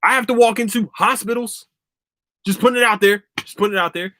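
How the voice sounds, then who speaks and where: Young male podcast host, solo rant, cursing freely, slightly high voice, dry close sound. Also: brisk, no room sound. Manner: profane, animated ranting.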